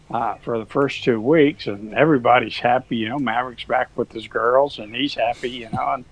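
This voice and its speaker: Folksy rancher man, mid-pitched, dry close sound, rambling storyteller. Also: dry recording, poor audio. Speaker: guest, cattle rancher. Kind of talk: casual storytelling.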